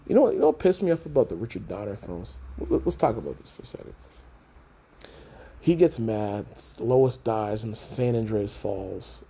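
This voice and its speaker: A man hosting a podcast, ranting in a casual, animated way, swearing a lot and acting out characters in mock outrage. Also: medium pitch, creaky, a little hiss or hum. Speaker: podcast host. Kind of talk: casual movie rant.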